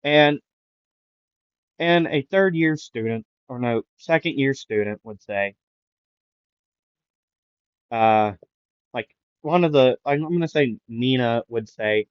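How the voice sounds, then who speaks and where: A man's voice: medium pitch, slow, long pauses, clear, resonant tone, dry recording. A man improvising a fan story, rambling with many fillers and restarts, keeping his voice down after a sore throat. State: recovering from a sore throat, avoids raising voice. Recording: dull lo-fi mic, dry.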